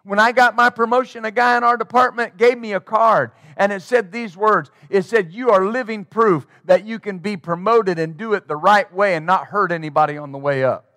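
Man, pastor, high voice, dry close sound, emphatic call-and-response preaching. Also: moderate pace, few pauses, sharp tone, no echo. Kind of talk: sermon.

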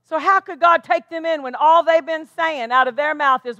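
A woman's voice: sits high, normal speed, sharp tone, dry recording, muffled recording. A woman pastor preaching a sermon with emphatic delivery, tossing questions back to the congregation. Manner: emphatic preaching with call-and-response asides.

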